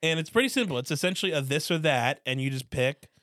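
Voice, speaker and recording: A young man co-hosting a podcast, joking and swearing casually in relaxed chat. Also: fairly high pitch, quick pace, no echo, studio quality. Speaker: podcast co-host.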